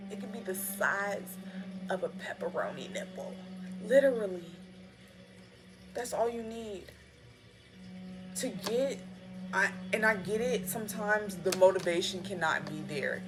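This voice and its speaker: A woman's voice: mid-range voice, lively intonation, unhurried, long pauses. A woman giving a casual, slangy spiritual pep talk while reading tarot cards. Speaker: tarot reader. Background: background music.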